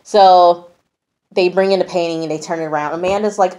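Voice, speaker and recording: A woman's voice: fairly low pitch, steady tone, brisk, mellow, dull audio. A woman giving a casual, profanity-laced vlog recap of a TV episode, blunt and chatty. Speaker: TV reviewer.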